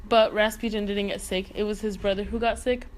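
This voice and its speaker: A woman's voice: mid-range voice, level tone, a little fast. A woman casually narrating a comedic history retelling, full of silly jokes.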